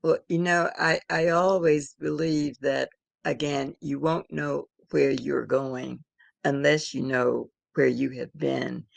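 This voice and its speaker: An older woman telling a personal story in an interview, in a measured, reflective way. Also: low voice, fairly even intonation, gravelly, no echo. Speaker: interviewed elder.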